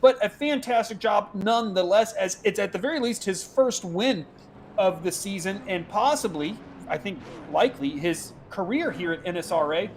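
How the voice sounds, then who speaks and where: Quick-talking high-voiced male race caller. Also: animated, a little hiss or hum. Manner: quick, chatty, laughs easily. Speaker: sim racing commentator. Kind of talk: play-by-play commentary.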